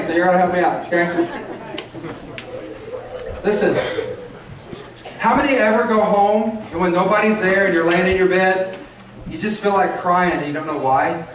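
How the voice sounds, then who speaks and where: A man preaching a sermon as lead pastor, earnest and repetitive, urging and making promises to his congregation. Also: high voice. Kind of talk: sermon to children and adults. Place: church sanctuary. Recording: echoey church hall, mic at a distance.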